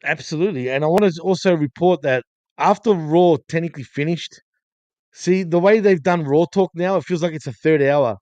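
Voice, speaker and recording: A man co-hosting a casual wrestling review show, retelling events in steady, running detail. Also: fairly high pitch, brisk, dry recording, highs cut off. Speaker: co-host.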